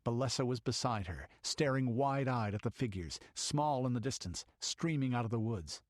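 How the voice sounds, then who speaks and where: Male audiobook narrator, lively voice, very dry close sound. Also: mid-range voice, moderate pace, few pauses, no room sound. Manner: dramatic storytelling. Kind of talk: scripted narration.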